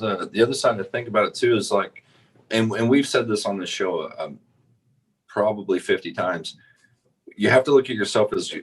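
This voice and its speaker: Deep husky man in casual chat. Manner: emphatic, repeats words while thinking. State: married. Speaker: podcast co-host.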